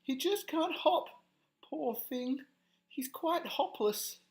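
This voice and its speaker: A man voicing a worried, tearful mother kangaroo in a storybook, speaking in a high, fretful and mournful way. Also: lively intonation, slow pace, heavily acted.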